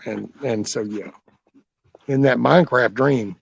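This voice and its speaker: Gravelly man telling rambling jokey stories. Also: medium pitch, measured pace, dry recording. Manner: rambling, jokey, swears casually. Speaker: backyard chicken keeper and vlog host. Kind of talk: casual storytelling chat. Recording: dull lo-fi dry audio.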